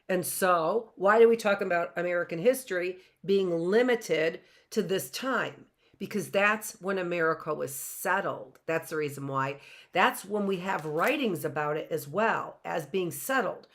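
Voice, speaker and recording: A woman teaching a live online class, reading from a book and then wandering into chatty asides. Her voice sits a little low, and she keeps checking in with her listeners by asking "right?". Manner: chatty, thinks aloud, often asks "right?".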